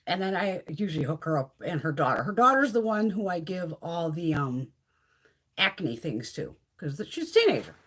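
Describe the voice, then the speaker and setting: A woman's voice: fairly low pitch, animated, normal speed, a bit bright, breathy edge. A middle-aged woman chatting casually and profanely on a beauty live stream, laughing often.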